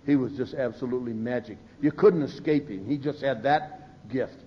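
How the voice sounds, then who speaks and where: A man's voice: medium pitch, normal speed. An older man speaking at a recovery meeting, telling humorous stories and acting out the voices he quotes. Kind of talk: storytelling talk from a podium. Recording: dull lo-fi live recording.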